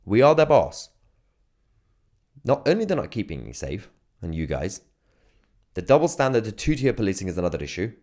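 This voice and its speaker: A man speaking with indignation and insistence, his pitch rising and falling in lively swings. He presses his points through repeated demands. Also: fast. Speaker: independent journalist. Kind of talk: impassioned statement to camera.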